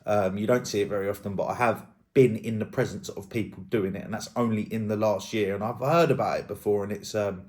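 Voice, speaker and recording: A man's voice: on the low side, steady tone, fairly quick. A man giving casual, rambling commentary as a YouTube drama host, thinking aloud and hedging as he goes.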